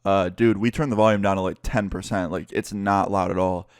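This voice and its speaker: A protective young friend who talks casually but bluntly, ready for a confrontation, as a man voices him. His voice sits low and sounds close and dry. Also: fairly even intonation, a little fast, smooth, no room sound, natural voice. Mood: defensive.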